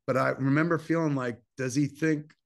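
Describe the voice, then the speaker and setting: Speaking at normal speed in a gravelly, medium-pitched voice, a fifty-something filmmaker from New Jersey recounts a long story from his life in a casual interview. Profanity comes easily to him, and he acts out quoted lines with animated energy.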